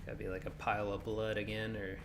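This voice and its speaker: A man's voice: fairly low pitch, little pitch movement, fast, background noise. A man streaming a game, chatting casually and joking as he thinks aloud, his voice a little sore. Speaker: gaming streamer. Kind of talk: casual let's-play commentary.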